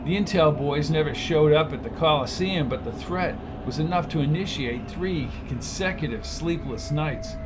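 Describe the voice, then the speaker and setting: A man narrating a story in a steady, scripted reading. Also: fairly high pitch, moderate pace, hardly any pauses, over music. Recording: noisy recording.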